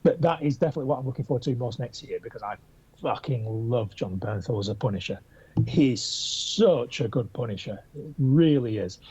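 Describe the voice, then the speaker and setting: A man with a mellow, slightly husky voice co-hosts a relaxed pop culture podcast. He talks with eager enthusiasm, though he often hesitates and restarts his sentences. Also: medium pitch, a little fast, muffled recording. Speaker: podcast co-host. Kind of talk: casual pop culture chat.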